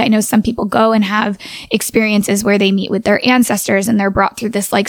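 A woman's voice: fairly high pitch, no echo. A woman telling a personal story in a casual, earnest way, with "like" filling many of her sentences. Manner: earnest, full of "like" fillers.

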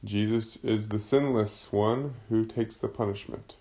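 A man's voice: lowish voice, fairly even intonation, unhurried, warm tone, a little hiss or hum. A man teaching a casual Bible study, explaining a passage in a conversational way.

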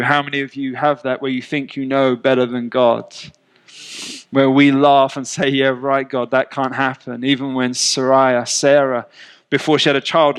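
A male preacher with a voice pitched a little high. He reads scripture and gives its characters' lines some drama. Between readings he talks to the congregation in a loose, joking way. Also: a bit bright, clean tone. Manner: reads scripture aloud and acts out the quoted lines; conversational and jokey between readings. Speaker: pastor. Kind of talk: sermon.

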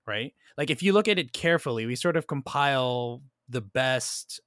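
A man's voice: mid-range voice, expressive, moderate pace, a bit bright, dry recording, studio quality. A man hosting a casual film discussion podcast, thoughtful and checking in often with "right?" and "like". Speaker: podcast host.

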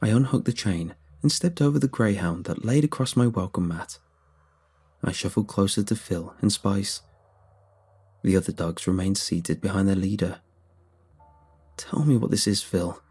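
A man narrating a horror story in a steady, measured way. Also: low voice, husky. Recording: faint background music.

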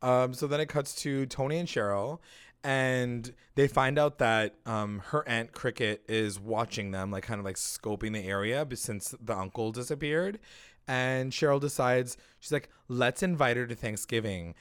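A man with a smooth, clear voice, chatting casually as a podcast co-host. He tells the episode in an animated way, slipping into characters' lines and swearing freely. His pitch sits in a middle range. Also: normal speed. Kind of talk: casual chat.

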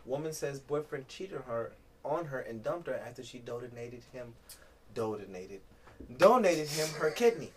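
A man's voice: mid-range voice, animated, unhurried, a crowd in the background. A young man co-hosting a podcast in casual chat, jokey and profane, laughing often as he reads a news story aloud. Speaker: podcast co-host.

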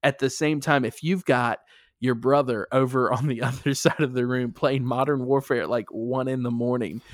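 A young man, co-hosting a casual podcast chat, an animated storyteller who laughs often and acts out quotes. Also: mid-range voice, normal speed, dry recording, studio quality. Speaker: podcast co-host.

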